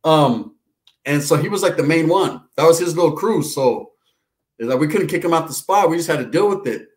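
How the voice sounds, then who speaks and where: A man's voice: a little high, lively intonation, a little fast, darkish tone, echoey room. A middle-aged man telling loose, profane neighborhood stories in a casual chat, laughing as he goes. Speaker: podcast co-host.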